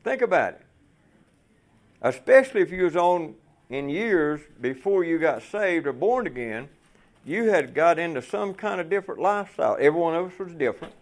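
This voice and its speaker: A man's voice: a little high, expressive, a little fast. A man preaching a folksy sermon to fellow truckers, asking the room rhetorical questions.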